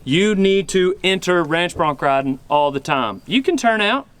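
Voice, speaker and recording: A man with a drawl giving a mock-serious, deadpan comedic talk as a cowboy vlogger. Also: sits high, a little slow, clear, resonant tone.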